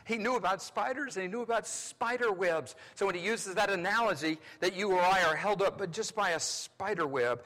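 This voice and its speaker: A male pastor from North Carolina preaching a sermon, swinging between loud exclamations and hushed asides. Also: on the high side. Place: large church sanctuary. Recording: long hall reverb.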